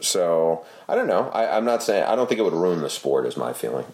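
Low-voiced man hosting, rambling casually. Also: sing-song, a little fast, darkish tone. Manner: rambling, self-correcting. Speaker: podcast co-host. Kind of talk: casual podcast chat.

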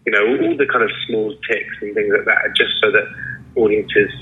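An actor answering interview questions casually, hesitant with many fillers and restarts. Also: male voice, lowish voice, little pitch movement, normal speed. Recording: lo-fi phone-like line.

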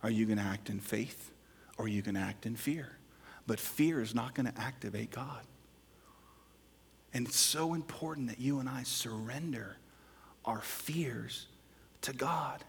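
Guy pastor preaching, husky voice, swings from whispers to loud bits, long reverb. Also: medium pitch, a little slow, pauses often. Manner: emphatic preaching, shifting between quiet whispers and loud exclamations. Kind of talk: sermon. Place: large church hall.

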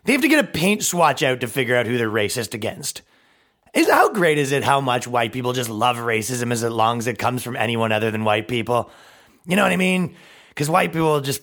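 A man's voice: expressive, fairly quick, a bit bright. A man hosting a comedy podcast, delivering a crude, sarcastic monologue and dropping into mocking voices. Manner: crude sarcastic riffing, swings between mocking high and low put-on voices. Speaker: podcast host.

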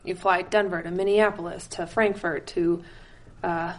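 A woman's voice: lowish voice, steady tone, moderate pace, slight background noise. A woman in her twenties chatting as a guest, laughing often and restarting her sentences. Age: 20s. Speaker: guest, pro skier. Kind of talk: casual chat.

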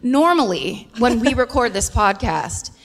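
A woman's voice: a little high, animated, a little slow, a crowd in the background. An American woman co-hosting a live comedy podcast, joking, swearing and laughing often. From United States. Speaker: podcast co-host. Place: large concert hall before a live audience. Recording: live hall recording with long reverb and faint noise.

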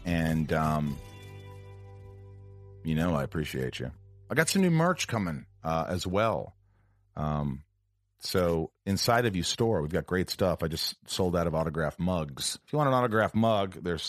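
Brief: low-pitched man, chatty solo podcast host, loose and jokey, faint music underneath. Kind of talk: casual solo podcast chat.

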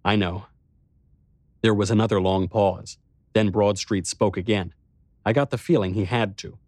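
A man reading a novel aloud as a first-person narrator, telling the story in a measured, introspective way into a close microphone. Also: on the low side, fairly even intonation, a little mellow, dry recording. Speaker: audiobook narrator.

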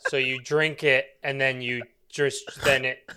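A man co-hosting a podcast, casually chatting and pitching goofy ideas. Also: level tone, a little slow, pushed and bright, smooth. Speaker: podcast co-host. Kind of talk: casual group chat.

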